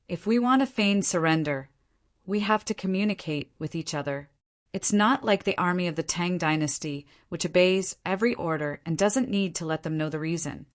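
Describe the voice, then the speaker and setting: Brief: woman voicing a defensive tribal leader, muffled and low in an audiobook. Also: lightly acted.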